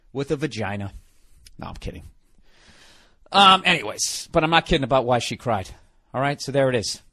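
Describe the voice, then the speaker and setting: A man's voice: medium pitch, fairly bright tone, no room sound. A man hosting a podcast, ranting in a profane, comedic monologue. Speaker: podcast host.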